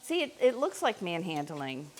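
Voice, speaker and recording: A middle-aged Missouri woman hosts a live home-kitchen cooking stream, her casual chat wandering and full of fillers. Her voice is lowish and sing-song, at a moderate pace.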